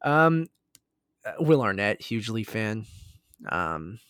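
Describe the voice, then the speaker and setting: A man's voice: on the low side, big pitch swings, slow pace, fairly bright tone, clear, resonant tone, no room sound, clean studio sound. A man in his thirties with a Canadian accent, co-hosting a casual podcast and rambling with many fillers and restarts. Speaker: podcast co-host. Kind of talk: casual chat.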